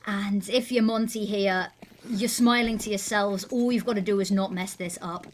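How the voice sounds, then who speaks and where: A woman giving energetic, playful live esports commentary. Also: medium pitch, normal speed, slight background noise. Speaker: esports caster.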